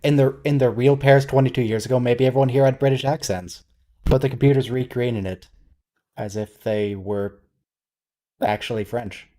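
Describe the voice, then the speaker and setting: A man's voice: medium pitch, fairly even intonation, moderate pace, dark tone. A man hosting a watch-along, giving casual, wry, quizzical commentary and thinking aloud.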